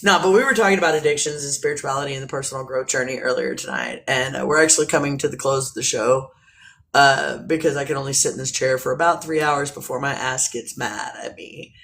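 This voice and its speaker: A woman hosting a casual live stream, joking crudely, greeting viewers and talking in a playful, drawn-out way. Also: extremely low pitch, a bit bright. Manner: bawdy, joking, often laughing. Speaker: livestream host.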